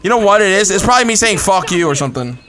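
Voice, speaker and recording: Excitable swearing young streamer. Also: male voice, high-pitched, very fast. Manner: excitable, swearing, chatting with viewers. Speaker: game streamer. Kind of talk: live gameplay commentary.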